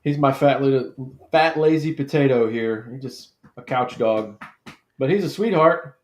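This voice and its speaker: Chatty host in an echoey room. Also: male voice, mid-range voice, moderate pace. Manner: chatty, storytelling, laid-back with swearing. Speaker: host of a live draft stream. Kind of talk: casual chat.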